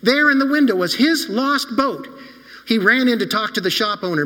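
A man telling a children's sermon story like a lively storyteller, often turning to ask his listeners questions. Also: extremely high pitch, normal speed, in a large hall. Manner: animated storyteller who asks his audience questions.

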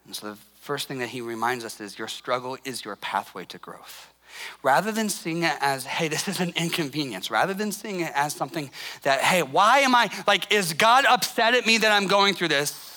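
A male pastor preaching a sermon in a conversational way, acting out what people say and dropping soft and low to stress a point. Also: animated, moderate pace. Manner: conversational, acts out quoted voices; drops to a soft, low intensity for emphasis.

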